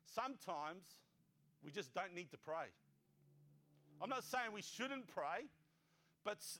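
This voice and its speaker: A man's voice: high voice, fairly bright tone. A man preaching a sermon as pastor, reading scripture and breaking into conversational, joking asides and acted-out voices.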